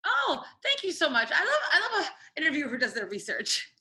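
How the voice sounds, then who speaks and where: Lively, bright-voiced female guest. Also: high-pitched, brisk. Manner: lively, laughing, casual. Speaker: magazine editor and guest. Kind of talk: casual interview chat.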